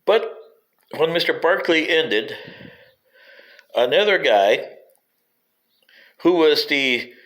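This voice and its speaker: A man's voice: on the high side, expressive, takes it slowly, pauses often, fairly bright tone, rough recording. A man giving a rambling spoken history commentary, digressive and wry, sometimes addressing politicians directly.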